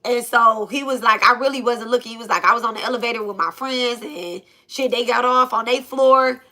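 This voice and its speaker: Animated Black woman telling a story. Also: a little high, a little fast. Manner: animated, repeats phrases, swears freely. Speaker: channel host. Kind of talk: casual storytime.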